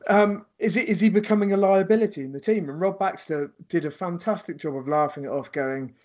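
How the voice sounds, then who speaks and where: Frank man, slightly high voice. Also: brisk, a little mellow. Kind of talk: casual anecdote telling.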